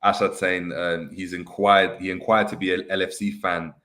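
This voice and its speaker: Young male host, low voice, banters and reads out viewer comments. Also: little pitch movement, normal speed, pushed and bright. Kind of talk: casual football chat. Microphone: webcam on video call.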